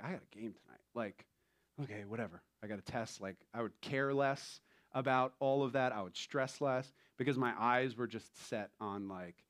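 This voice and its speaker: A man in his thirties preaching a sermon in a relaxed, conversational way, telling stories with light laughter. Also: medium pitch. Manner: conversational, animated storytelling with laughs. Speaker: pastor.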